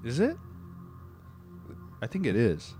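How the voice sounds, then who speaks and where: A man's voice: medium pitch, wildly swooping pitch, slow pace, warm tone, soft background music. A young man joking around in an improvised comedy sketch.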